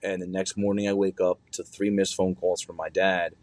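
A young man with a low voice tells a personal story in a relaxed, chatty way, leaning on fillers and casual slang. His voice is recorded dry and close, with no room sound. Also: normal speed, dry recording. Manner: loose and conversational, heavy on fillers and slang.

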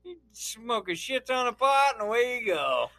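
A man's voice: very high voice, very animated, moderate pace, gravelly, pushed and bright, no echo. A man co-hosting a podcast, trading crude jokes casually and laughing often. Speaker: podcast co-host.

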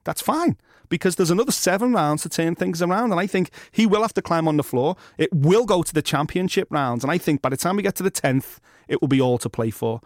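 A man talks boxing at a quick clip, his voice sitting a little high. He is emphatic and excitable and swears freely. The sound is dry and close. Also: no echo. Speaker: boxing journalist and co-host. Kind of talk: casual podcast chat.

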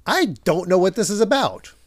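A man's voice: sits high, normal speed, no room sound, clean studio sound. A man hosting a podcast, casually recapping a manga and acting out the characters' lines as he goes. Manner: animated, acts out characters' lines while retelling. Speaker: podcast host.

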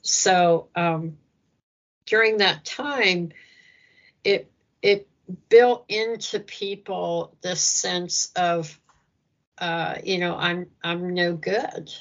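A woman's voice: fairly low pitch, very slow, long pauses, muffled recording. A woman speaking earnestly about faith in an interview, acting out prayers in a lifted voice. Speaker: guest speaker on Christian ministry. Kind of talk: conversational interview.

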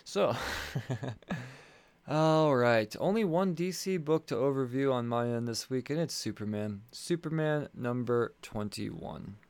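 In a casual solo ad read, a podcast host speaks slowly in a mid-range voice that is slightly mellow, clear, and resonant. He meanders through the sponsor spots, cursing and tripping over words.

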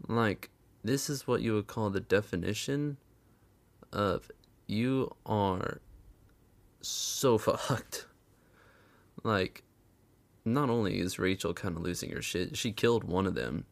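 Gravelly, sarcastic man narrating a recap. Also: fairly low pitch. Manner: sarcastic, swears a lot, chuckles often. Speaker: recap commentator. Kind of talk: casual profane recap commentary.

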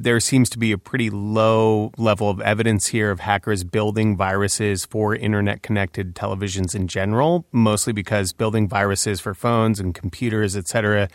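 A man radio tech correspondent explains a story in a casual, chatty way. He uses plenty of fillers. His voice is on the low side, and the booth sound is dry. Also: no room sound.

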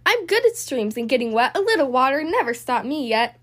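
A woman's voice: sits high, very animated, fairly quick, fairly bright tone, heavily acted. A woman voicing a small, brave, cheerful truck in a picture book.

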